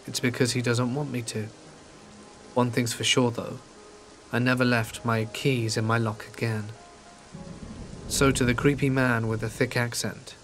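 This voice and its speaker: Calm man narrating a horror story. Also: mid-range voice. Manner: calm, measured storytelling meant for falling asleep. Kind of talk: scripted narration of a first-person horror story. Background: rain falling.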